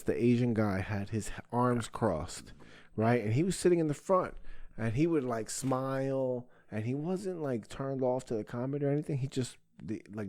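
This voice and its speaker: A man's voice: medium pitch, dark tone, no echo. A young adult man, a podcast host and stand-up comedian, telling a story in casual chat and acting out his own stage lines.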